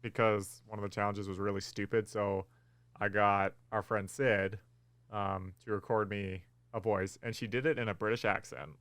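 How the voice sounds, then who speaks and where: A man co-hosting a podcast in casual chat, relaxed and rambling with frequent ums. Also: fairly low pitch, normal speed, smooth, no echo. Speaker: podcast co-host.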